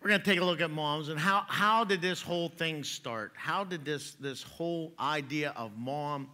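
A man's voice: fairly high pitch, moderate pace, bright, forceful tone. A man preaching a sermon in a church, joking in a folksy way and chuckling at his own jokes. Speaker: pastor. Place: church sanctuary.

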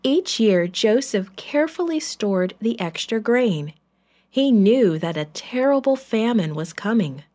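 A woman telling a Bible story to children in church, slow and expressive. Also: fairly high pitch.

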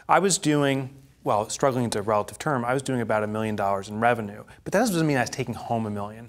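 A man's voice: medium pitch, fairly bright tone. A man presenting a live business workshop in a studio before an audience, telling anecdotes animatedly and laughing at his own stories.

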